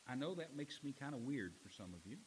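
A middle-aged man preaching a sermon as pastor. He swings from loud, emphatic lines to low, quiet ones. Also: animated, a little fast, a little hiss or hum, poor audio.

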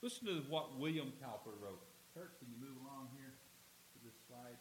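Slight background noise accompanies this male pastor, whose medium-pitched voice moves at a normal speed. Preaching in a church with a slide screen, he is emphatic and expressive and acts out the scenes he describes.

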